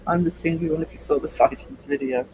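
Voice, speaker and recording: Chatty man, rather high. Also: steady tone, fast talker, a little mellow, a little hiss or hum, poor audio. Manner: rambling, chatty, laughs easily. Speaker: artist live-streaming. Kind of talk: casual chat with stream viewers.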